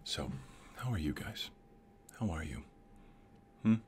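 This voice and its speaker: Low, slow whispering man rambling softly. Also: sing-song, a little hiss or hum. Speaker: ASMR channel host. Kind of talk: whispered role-play.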